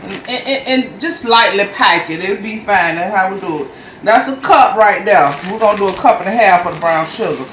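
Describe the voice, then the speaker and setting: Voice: mid-range voice, lively intonation, moderate pace, a bit bright, far from the mic. A home cooking show host with a Southern US accent, chatting folksily to viewers while walking through a recipe step by step. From Jacksonville, Florida, US. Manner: chatty and folksy, talks straight to viewers as y'all. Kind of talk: casual cooking demonstration. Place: home kitchen. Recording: roomy kitchen, off-mic, faint background hum.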